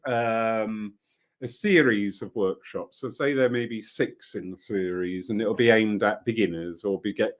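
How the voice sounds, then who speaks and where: A man giving a rambling, enthusiastic live update to viewers about upcoming events at his centre. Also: lowish voice. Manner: warm, rambling, enthusiastic with frequent laughs. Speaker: spiritualist centre organiser.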